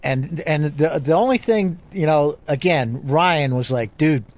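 A man's voice: a little high, measured pace, a little mellow, lo-fi sound. Rambling man telling a fishing story. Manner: rambling, many restarts and "you know". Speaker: guest angler. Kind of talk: casual storytelling chat.

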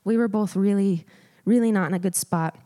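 A woman's voice: mid-range voice, brisk, mellow. A woman in her thirties giving a personal testimony in church, chatty and storytelling, full of "like" and "um". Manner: storytelling, conversational with frequent "like" and "um". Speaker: guest speaker. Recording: long hall reverb.

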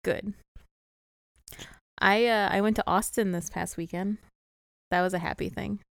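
Woman from the Chicago area, gravelly, dry close sound, wry podcast co-host, laughs often. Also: mid-range voice, fairly even intonation, unhurried, no echo. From Chicago area, USA. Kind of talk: casual chat.

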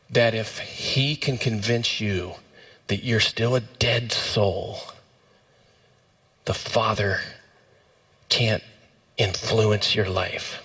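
Impassioned male preacher, slow delivery. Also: pushed and bright, slightly rough. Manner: impassioned, swings up in pitch for emphasis. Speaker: pastor. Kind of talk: sermon.

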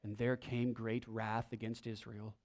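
A man preaching a sermon, reading scripture aloud and moving between emphatic lines and hushed ones. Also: fairly low pitch, little pitch movement, unhurried. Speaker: pastor.

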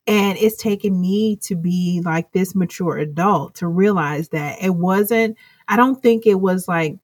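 As a guest in a casual interview, a woman speaks earnestly and reflectively, rambling through her thoughts. Her voice is fairly low, a little slow and mellow, slightly rough, with no echo.

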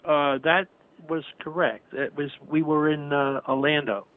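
Man, phone call, halting delivery with lots of fillers, tinny narrow sound. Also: a little high, fairly even intonation, no room sound. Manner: hesitant, many pauses and fillers. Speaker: caller receiving a call.

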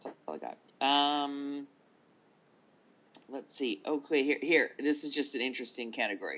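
A man co-hosting a casual podcast chat, reading down a list of nominees with quick asides. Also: mid-range voice, a bit bright, poor audio. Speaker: podcast co-host.

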